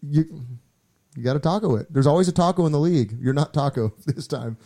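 A man co-hosting a beer podcast, trading teasing banter and laughing easily. His voice has a mellow, relaxed tone. He talks casually, at an everyday pace. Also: on the high side, fairly quick. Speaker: podcast co-host. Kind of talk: casual chat.

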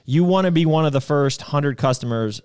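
A man's voice: fairly high pitch, brisk, a little mellow, clear, resonant tone. A man hosting a casual chat, running through product release dates with loose, joking asides. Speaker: host.

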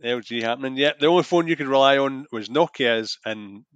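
A man's voice: medium pitch, a little fast, fairly bright tone, clean tone, no room sound, muffled recording. A man co-hosting a podcast in casual chat, laughing along and restarting his sentences. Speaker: podcast co-host.

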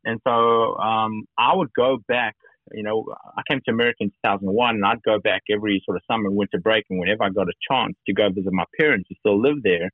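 A man's voice: on the low side, fast talker, no room sound. South African man on a tinny phone line. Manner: friendly, rambling storyteller. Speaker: company founder, guest. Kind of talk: casual phone interview.

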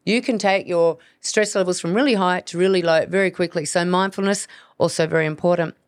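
With a lowish voice and a brisk pace, a hormone practitioner hosts her own educational podcast. She coaches earnestly and acts out inner voices, in clean studio sound free of echo.

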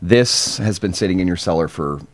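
A man's voice: sits low, lively intonation, normal speed. A man co-hosting a casual podcast, describing tastes and aromas in detail and comparing them to foods and wine. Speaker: podcast co-host reviewing cigars. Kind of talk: casual chat.

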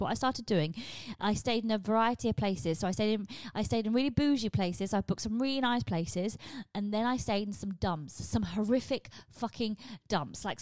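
A woman, talking candidly and casually in a solo podcast, swearing freely and jumping in pitch. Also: darkish tone, dry recording. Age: 40s. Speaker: podcast host.

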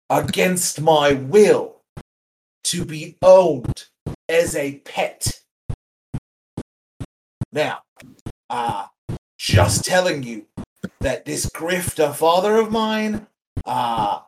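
A man voices a flippant young male parakeet. He drawls slowly in a somewhat high voice and keeps swearing and laughing. A faint hiss sits under the recording. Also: low-quality recording. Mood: wry.

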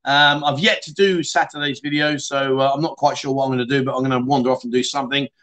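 A man's voice: medium pitch, fairly even intonation, fast, a bit bright. A middle-aged man from the UK hosting a casual livestream, reading out viewer comments in a chatty, blunt way and calling people mate. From United Kingdom. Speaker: livestream host.

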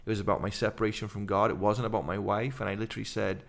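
A middle-aged man with an English accent, a podcast guest telling his story in fast, animated run-on sentences. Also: lowish voice, vocal fry. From England. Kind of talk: casual conversation.

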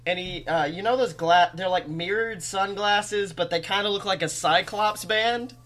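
A young man co-hosting a comedy podcast, telling animated, jokey stories and swearing freely in casual chat. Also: high voice, moderate pace. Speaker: podcast co-host.

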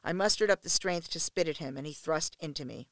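A woman narrating a first-person erotic story in an intimate, steady reading voice. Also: low voice, brisk, dry recording. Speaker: audiobook narrator.

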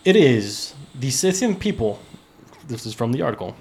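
A man hosting a relaxed podcast, working his way through a news article. He reads in a loose, chatty way, tripping over words and breaking off for profane asides to his friends. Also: mid-range voice, normal speed, gravelly. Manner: loose, laughing, profane, restarts while reading. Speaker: podcast host. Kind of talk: casual podcast chat, reading an article.

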